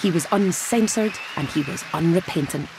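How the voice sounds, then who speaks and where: A woman from Scotland with a Scottish accent, presenting and narrating a documentary in a brisk, wry way. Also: on the low side, over music, crowd noise.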